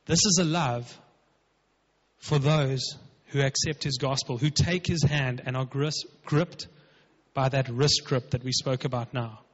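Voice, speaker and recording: A man's voice: medium pitch, steady tone, unhurried. A man preaching a sermon as pastor, emphatic and conversational, acting out quotes. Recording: dull, lo-fi with long hall reverb.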